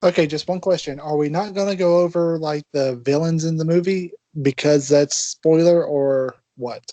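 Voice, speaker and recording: Man podcast cohost, slightly high, dry. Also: moderate pace, mellow, dry recording. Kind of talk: casual podcast discussion.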